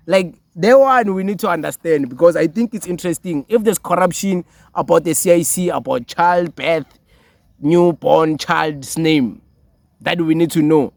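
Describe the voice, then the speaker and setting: Sarcastic South African man, gravelly voice. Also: a little high, animated, unhurried, a little mellow, no room sound. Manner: sarcastic, laughing, mixes in Zulu phrases. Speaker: commentary channel host. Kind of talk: mocking political commentary.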